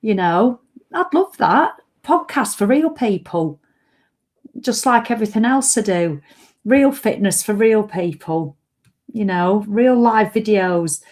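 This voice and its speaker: A woman's voice: mid-range voice, animated, slow, a little mellow. Chatty woman. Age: middle-aged. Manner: rambling, self-mocking, breaks into sung jingles. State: hiccups. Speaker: fitness vlogger. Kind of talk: chatty live video.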